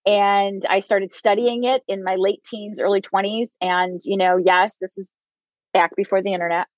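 A woman in her fifties speaking at a middle pitch, recounting personal experiences frankly and laughing often. The recording is dry and dull, with little room sound and muffled highs. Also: fairly even intonation, normal speed, no room sound. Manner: candid, laughs often while telling stories. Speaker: guest psychic medium. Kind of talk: interview storytelling.

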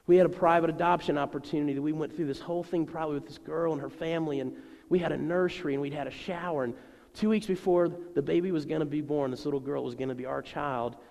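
Middle-aged pastor guy preaching, kinda high voice, chatty and animated, big echoey church hall. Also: vocal fry. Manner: conversational and animated, voicing people in his stories. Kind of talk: sermon. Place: church sanctuary. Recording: long reverb of a large church hall.

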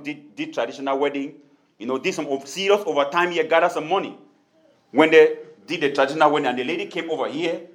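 Guy preaching, pretty high voice, repeats himself, acts out back-and-forth bits. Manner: preaching with repetition and acted-out dialogue. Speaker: pastor. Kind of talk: sermon.

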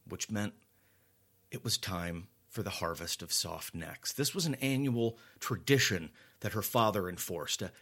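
A man tells a horror story in a fairly low voice. He reads it in a deliberate, dramatic way and drops to a near-whisper when the story turns grim. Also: slightly rough. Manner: dramatic, slow and hushed at tense moments. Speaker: narrator. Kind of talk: scripted horror story narration.

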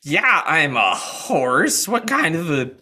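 A man's voice: very animated, slow, sharp tone, breathy edge, exaggerated voice. A man voicing a nervous, chatty male horse with a Southern drawl in a tabletop game, rambling and jumpy. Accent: American Southern. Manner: skittish, rambling, high-pitched when startled. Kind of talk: tabletop role-play.

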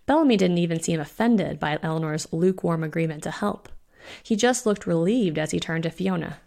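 Low, gravelly woman reading a story. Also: fairly quick. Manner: steady, expressive reading. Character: witch Fiona voiced in own voice. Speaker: author reading her story.

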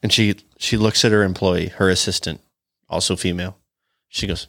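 A man's voice: low voice, fairly even intonation, moderate pace, vocal fry, fairly bright tone. A man co-hosting a casual podcast, telling stories in a rambling way with many fillers and laughs. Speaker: podcast co-host. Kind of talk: casual storytelling chat.

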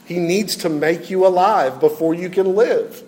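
Pastor guy preaching, kinda high voice, lots of hall reverb, gets fired up. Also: a little slow, darkish tone. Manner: emphatic, repeats questions, rising to fervor. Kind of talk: sermon.

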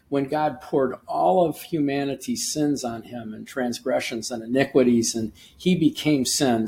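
A man's voice: mid-range voice, a little mellow. A man hosting a short devotional podcast, teaching earnestly and reading scripture aloud with emphasis, often restarting his sentences. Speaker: podcast host and preacher.

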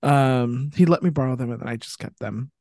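A man's voice: medium pitch, a little fast, mellow, no room sound, studio quality. A man co-hosting a casual podcast chat, playful and teasing, jumping in with cheeky questions. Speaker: podcast co-host.

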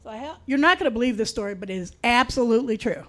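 A middle-aged woman telling a personal true story in a wry, confiding way, with dark humor. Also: fairly high pitch, animated, rapid-fire.

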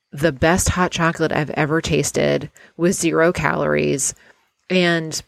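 A woman hosting a guided visualization, talking in an unhurried, dreamy way and inviting the listener to picture a perfect day. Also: deep voice, dry recording. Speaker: host guiding a visualization exercise.

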